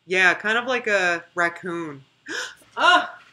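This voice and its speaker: A woman's voice: fairly low pitch, normal speed, bright, forceful tone. A woman in her thirties chatting casually on a reaction livestream, emphatic and repeating words for stress. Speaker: streamer.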